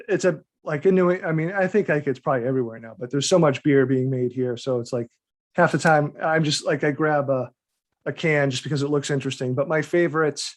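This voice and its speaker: A man, a guest author, talking casually on a video call, rambling with restarts and small laughs. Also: a little high. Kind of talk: casual interview chat.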